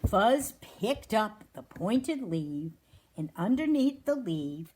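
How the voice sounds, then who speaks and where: A woman hosting an animal rescue livestream, reading a children's story aloud with a gentle, chatty delivery. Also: mid-range voice, sing-song, slow, slight background noise.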